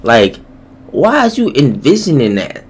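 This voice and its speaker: Animated young man reacting casually. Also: unhurried, breathy edge. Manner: animated, slangy, jokey, pitch jumping up when surprised. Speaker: reaction YouTuber.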